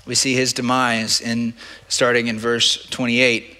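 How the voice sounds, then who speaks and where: Bright-voiced male pastor preaching. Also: medium pitch, monotone, unhurried. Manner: conversational, stumbling and repeating words. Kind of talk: sermon. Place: church sanctuary. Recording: long reverb of a church hall.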